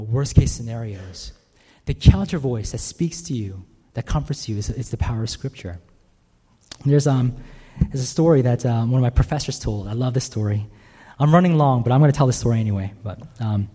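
A man's voice: mid-range voice, mellow. A male pastor preaching a sermon in a conversational way, often checking in with the listeners with "right?". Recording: long reverb in a large hall.

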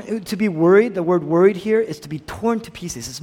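A man's voice: high-pitched, brisk, few pauses, darkish tone, husky, big-room sound. A man preaching a sermon in an earnest, emphatic way, often repeating his phrases.

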